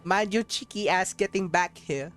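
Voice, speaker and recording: A man's voice: high voice, normal speed, fairly bright tone, soft background music. A man doing a rude cursing British bloke. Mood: mocking. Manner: insulting, mock-British slang.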